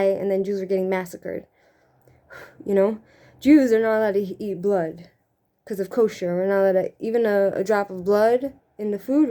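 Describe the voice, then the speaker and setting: Drag queen with a Brooklyn accent, mellow voice. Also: mid-range voice. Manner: rambling, many "you know" tags and restarts. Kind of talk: casual chat while doing makeup.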